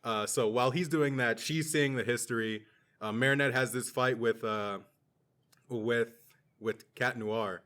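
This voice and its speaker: A man hosting a podcast in casual chat, retelling a plot in an animated way and slipping into the voices of the people he quotes. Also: medium pitch, a little slow. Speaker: podcast host.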